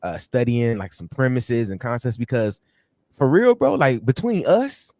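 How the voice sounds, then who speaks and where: A man's voice: medium pitch, unhurried, no echo. Laughing slangy man on a stream. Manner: laughing, animated, slangy storytelling. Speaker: sports show co-host. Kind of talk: casual livestream chat.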